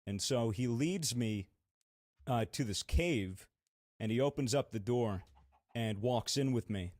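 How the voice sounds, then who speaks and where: A man's voice: mid-range voice, lively intonation, measured pace, a little mellow, no echo, clean studio sound. A young man co-hosting a podcast, telling a long story in a rambling, casual way with many fillers and some swearing. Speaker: podcast co-host.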